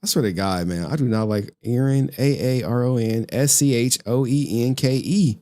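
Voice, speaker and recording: A man's voice: medium pitch, moderate pace, warm tone. A man doing a live stream and talking casually to his chat, profane, chatty and exasperated.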